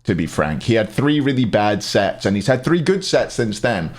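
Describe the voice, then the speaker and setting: Man, light scottish accent, slightly low pitch, chatty and opinionated, casual stream talk. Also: very animated, moderate pace. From Scotland. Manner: opinionated, chatty, reads and answers chat. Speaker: streamer ranking esports players. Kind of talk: casual live-stream commentary.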